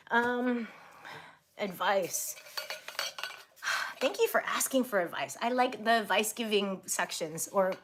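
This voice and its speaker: A woman's voice: fairly high pitch, bright, forceful tone. A woman in her thirties chatting casually on a livestream, reading viewer comments aloud and giggling often.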